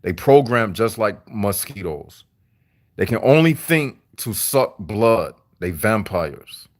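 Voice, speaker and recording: A man delivering a deliberate, repetitive, preachy monologue to his viewers on a livestream. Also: lowish voice, big pitch swings. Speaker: vlogger.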